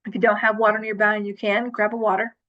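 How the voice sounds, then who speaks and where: A woman's voice: mid-range voice, little pitch movement, quick pace. Woman host on a lo-fi livestream, chatty and rambling, everyday speaking voice. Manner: chatty, rambling, with many fillers. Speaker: self-love coach hosting a livestream. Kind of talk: casual livestream talk.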